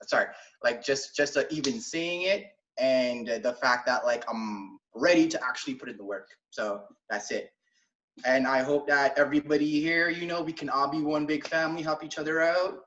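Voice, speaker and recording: A man's voice: medium pitch, normal speed, a bit bright. A young man in a wrestling class talks eagerly, rambling through fillers as he introduces himself. He sits back from the mic in an echoey room. The call audio is distant and dull. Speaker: student. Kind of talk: casual self-introduction.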